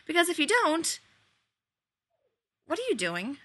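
A woman's voice: very high-pitched, wildly swooping pitch, a little slow, fairly bright tone, no room sound, voice pushed up, heavily acted. A woman reading the part of a sarcastic, self-important, fretful man elf in a storybook tale. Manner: exasperated, sarcastic.

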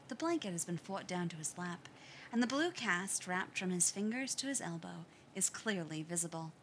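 A woman reading a fan fiction story aloud in an expressive audiobook style. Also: fairly low pitch, a little hiss or hum. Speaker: story reader.

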